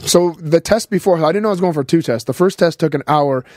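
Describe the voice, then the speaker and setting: Guy on a podcast rattling off a story quick, kinda high voice, dry close mic. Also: no room sound. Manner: animated storytelling, swearing, acts out quotes. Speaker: podcast co-host. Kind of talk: casual chat.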